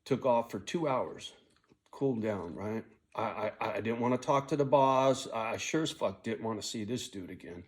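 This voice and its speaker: A man's voice: lowish voice, normal speed. A middle-aged man telling a personal story in a blunt, casual way, swearing a lot and often tagging his lines with "right?". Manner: blunt, heavy swearing, frequent "right?" tag; angry when telling the story, quiet and weary when reflecting.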